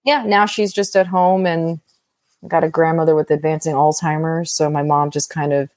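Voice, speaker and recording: A woman's voice: low voice, little pitch movement, moderate pace, darkish tone, no echo. A young woman in casual group chat, talking earnestly about her family.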